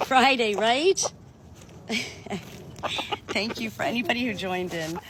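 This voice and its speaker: A woman chats casually while tending her hens, talking to a phone livestream outdoors, and laughs easily. The phone audio sounds open and outdoor. Chickens and roosters are clearly audible behind her. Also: fairly high pitch, slow pace, pauses often, a bit bright, slight background noise. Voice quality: chatty, laughs often. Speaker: backyard chicken keeper. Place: outdoors at a farm chicken coop.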